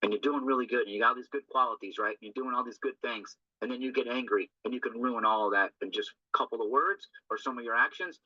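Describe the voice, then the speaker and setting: A medium-pitched man with a sharp tone talks earnestly and loosely through a recovery text for his group, often checking in with a tag question. The recording is dry, dull, and lo-fi.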